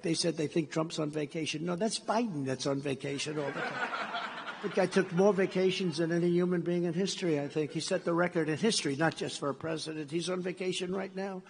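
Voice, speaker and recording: Gravelly older man telling a rambling story. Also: a little high, slight background noise. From United States. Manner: repetitive, meandering storyteller who acts out dialogue. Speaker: gala speaker. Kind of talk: rambling speech anecdote. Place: large banquet hall. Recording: reverberant hall sound.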